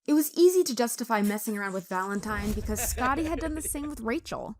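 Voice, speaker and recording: A woman narrating a first-person story in a dramatic, expressive way. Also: fairly high pitch, fast, few pauses.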